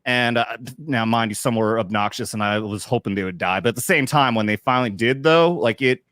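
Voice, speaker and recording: A man in his thirties, an army veteran, hosts a loose chat show and swears freely, cracking jokes and laughing at his own stories. His voice sits at an average pitch for a man. He is recorded close and dry, with no room sound. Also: a little fast, a bit bright, clear, resonant tone, dry recording. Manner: crude, joking, laughs often. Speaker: podcast host, veteran. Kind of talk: casual profane chat.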